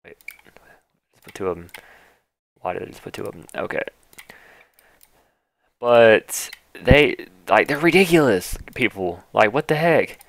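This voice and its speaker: A man giving casual, excitable commentary on a video game as its gaming YouTuber, exclaiming and mocking what he sees on screen. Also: mid-range voice, no echo. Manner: excitable and exclamatory, quick to mock and laugh.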